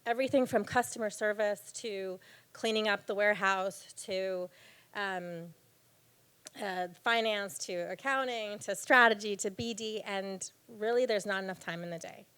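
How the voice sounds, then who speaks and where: Candid woman with a smooth, clear voice. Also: mid-range voice, a little slow, fairly bright tone. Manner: candid and earnest, with many fillers. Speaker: speaker at a live storytelling event on failure. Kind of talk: personal talk to an audience. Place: event stage before an audience.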